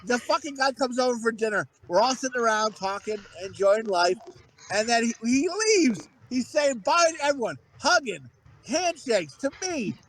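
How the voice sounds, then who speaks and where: A man with a strikingly high voice tells a loose, rambling story on a podcast, swearing constantly and stumbling over fillers and restarts. Faint noise sits under his voice. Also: sing-song, moderate pace, a bit bright. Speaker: podcast co-host. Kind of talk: casual storytelling chat.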